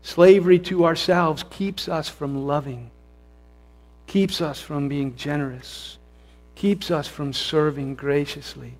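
Male pastor, higher-pitched voice, casual sermon style with fervent peaks, long church reverb. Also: steady tone, slow, a little mellow. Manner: conversational, self-correcting, builds to fervent emphasis. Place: church sanctuary.

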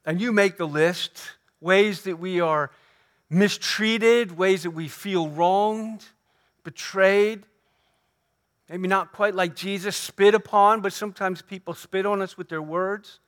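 A man preaching a sermon as pastor, earnest and emphatic, repeating key phrases and slowing down to stress quoted lines. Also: sits high, fairly bright tone. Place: church sanctuary.

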